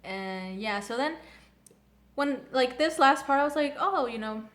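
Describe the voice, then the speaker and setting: A young woman with a fairly high voice chats casually about an anime episode. She gushes and gets excitable, peppering every sentence with fillers and restarts. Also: a little slow. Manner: gushing, filler-heavy, excitable. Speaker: anime reviewer. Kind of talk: casual chat.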